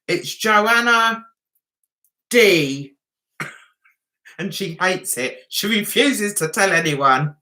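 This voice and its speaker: A woman's voice: a little high, pushed and bright. A middle-aged woman with a London accent, hosting a casual livestream and chatting, teasing and giggling with her viewers. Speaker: livestream host.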